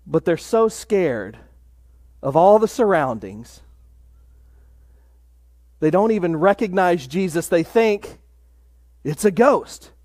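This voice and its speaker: A man preaching a sermon in a measured way, dropping to a hush for emphasis. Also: high-pitched, expressive, no echo, studio quality. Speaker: pastor.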